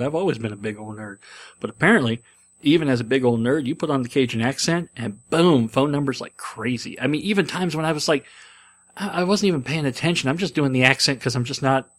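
A man's voice: mid-range voice, a bit bright. Rambling wry man talking alone. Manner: self-deprecating, wry, rambling with many fillers. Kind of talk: rambling casual monologue. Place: in a car.

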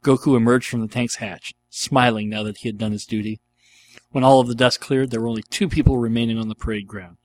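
Guy reading a fan fiction out loud, earnest and dramatic, mid-pitched. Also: steady tone, fairly quick, no room sound. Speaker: narrator.

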